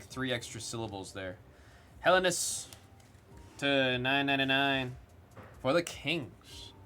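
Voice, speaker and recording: A man's voice: mid-range voice, bright, forceful tone, slight background noise. Joking man hosting a card break. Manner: joking, rambling, loose and casual; reads out player names as he goes. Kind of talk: live commentary while opening cards.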